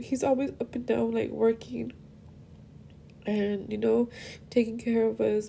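A young woman's slightly high, creaky and mellow voice carries her podcast monologue about her father, which rambles, turns tearful at times and mixes English with Spanish. There's slight background noise.

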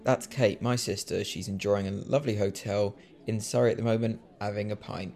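A man's voice: fairly low pitch, fairly even intonation, a little fast, creaky, warm tone. A man hosting a casual podcast, jokey and self-mocking as he introduces clips. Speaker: podcast host.

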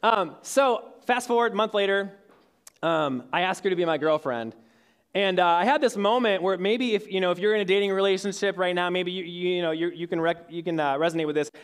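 Before an audience in a church hall, a youth speaker in his twenties gives young adults a casual sermon. His high-pitched voice is clear and resonant, a little fast, and his story comes with many fillers and restarts.

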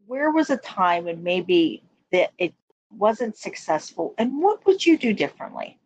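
A woman hosting an interview, asking reflective questions and affirming her guest's points in an encouraging, measured way. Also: medium pitch, big pitch swings, a little mellow, no echo, dull audio. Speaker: podcast host and interviewer. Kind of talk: interview questions and follow-up comments.

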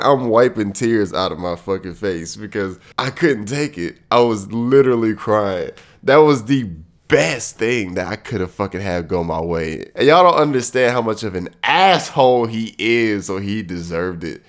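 Congested deep-voiced male podcast host. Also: animated, normal speed, hardly any pauses. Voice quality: nasal. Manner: loose, profane, joking. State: congested from a cold. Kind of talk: casual monologue.

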